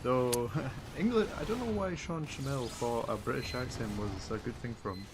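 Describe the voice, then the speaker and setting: Male stream guest, lively up-and-down delivery, earnest, heavy noise behind him. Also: medium pitch, moderate pace. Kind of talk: casual chat on a game stream. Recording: loud background noise over the mic.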